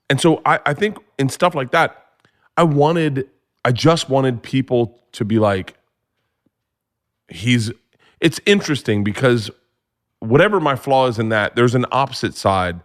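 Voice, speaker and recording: A man telling stories as a comedy guest, excitable and profane, often restarting with "like". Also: mid-range voice, normal speed. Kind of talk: casual storytelling.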